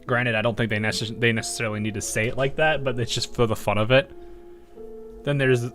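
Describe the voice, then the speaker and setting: A man's voice: mid-range voice, little pitch movement, fairly quick, a bit bright, soft background music. An American man giving casual commentary while playing a game, rambling into asides and laughing often. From United States. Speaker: game streamer.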